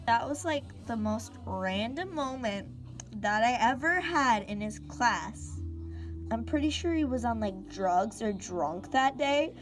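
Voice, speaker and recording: A woman's voice: a little high, lively intonation, a little slow, soft background music. A teenage girl telling a storytime vlog in a casual, giggly way, full of fillers and asides. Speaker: storyteller, vlogger.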